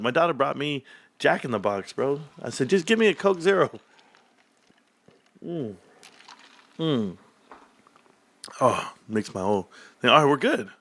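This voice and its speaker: A man's voice: medium pitch, sharp tone. A middle-aged man hosting a casual livestream, rambling through slangy stories and laughing often. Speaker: livestream host.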